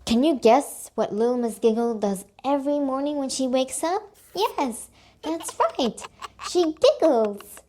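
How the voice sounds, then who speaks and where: A woman's voice: sits high, expressive, a little slow, mellow. A woman reading a children's story aloud in a cheerful way, stopping to ask young listeners questions.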